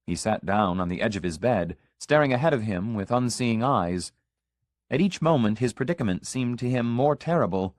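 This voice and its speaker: A man narrating an audiobook of short stories in an expressive storytelling manner. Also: mid-range voice, moderate pace, no echo, clean studio sound.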